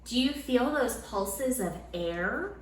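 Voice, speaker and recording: A woman teaching a Sunday school lesson to children at home, in a lively, encouraging way. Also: a little high, slow pace, slight background noise. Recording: roomy room sound with faint ambience.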